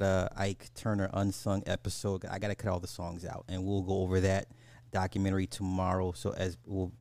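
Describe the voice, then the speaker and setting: A man hosting a casual podcast, chatting in loose slang and speaking straight to his listeners. His voice sits on the low side, dry and close, with faint music under it. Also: darkish tone, no echo. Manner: loose, slangy, addresses the audience directly. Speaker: podcast host. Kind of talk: casual livestream commentary.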